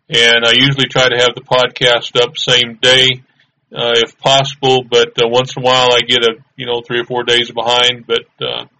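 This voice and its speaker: A man's voice: medium pitch, sharp tone, low-quality recording. A man hosting a live internet radio show, chatting casually and rambling easygoingly with fillers.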